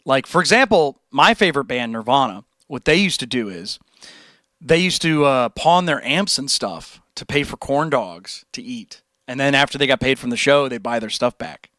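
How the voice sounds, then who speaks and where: A man's voice: mid-range voice, fairly bright tone, dry recording. A young man chatting casually on a livestream, rambling and laid-back, reading viewer messages and answering them. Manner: laid-back, rambling, says dude and like a lot. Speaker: streamer.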